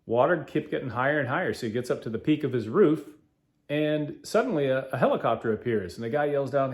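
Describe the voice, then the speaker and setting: A man hosting a podcast, talking in a halting, earnest way with many fillers. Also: medium pitch, lively intonation. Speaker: podcast host. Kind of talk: casual spoken commentary.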